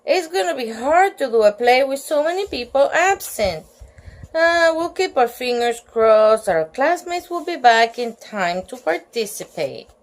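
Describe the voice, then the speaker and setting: A woman voicing a patient adult male schoolteacher in a storybook read-aloud, speaking in a calm, measured classroom tone. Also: high-pitched.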